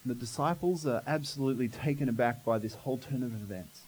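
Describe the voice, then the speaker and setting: A man's voice: mid-range voice, fast, darkish tone, husky, low-quality recording. A man preaching a sermon as pastor, telling the story dramatically and asking the congregation questions.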